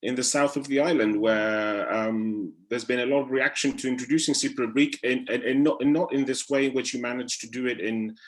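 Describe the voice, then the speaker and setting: A man's voice: mid-range voice, steady tone, brisk, hardly any pauses. A man moderating a panel discussion, courteous and encouraging toward the speakers.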